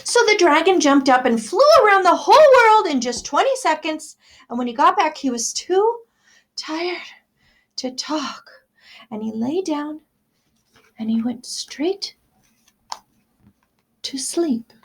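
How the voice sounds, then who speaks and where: School staff woman reading aloud to kids; expressive, high, questioning. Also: unhurried, pauses often. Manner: expressive, asks listeners questions. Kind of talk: children's read-aloud storytime.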